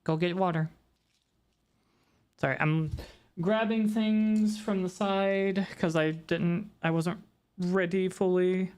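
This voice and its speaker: A woman's voice: on the low side, fairly even intonation, takes it slowly, long pauses, darkish tone, smooth. A woman streamer chatting casually with her live audience, rambling and talking straight to her chat. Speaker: VTuber streamer.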